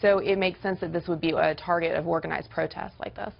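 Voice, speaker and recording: A woman who was a political spokesperson, speaking in a measured way with filler pauses during a TV debate. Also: lowish voice, steady tone, creaky. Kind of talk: televised debate. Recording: dull broadcast audio.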